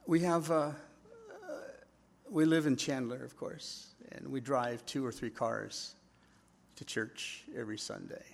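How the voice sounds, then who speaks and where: A middle-aged man with a husky voice, preaching a sermon in a conversational way, telling stories and acting out quotes. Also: medium pitch, fairly even intonation, a little slow, a little hiss or hum. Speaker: pastor.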